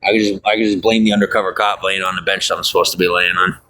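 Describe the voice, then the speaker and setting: A man's voice: low voice, steady tone, very fast, pushed and bright. An angry man in a profane, repetitive rant, talking outdoors at night beside a bus bench. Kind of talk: angry monologue.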